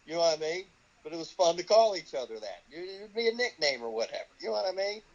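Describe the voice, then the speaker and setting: Gruff older man, swearing, lo-fi sound. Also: a little high, very animated, fast talker. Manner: swears constantly, acts out quoted voices. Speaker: guest, wrestling trainer. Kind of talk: profane storytelling in an interview. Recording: dull lo-fi audio.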